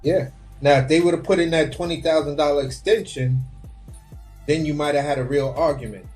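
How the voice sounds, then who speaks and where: A man co-hosting a casual boxing talk live stream, animated and profane, often slipping into voices of other people. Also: fairly high pitch, a little fast, soft background music. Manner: animated, profane, slips into impressions. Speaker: boxing commentary co-host.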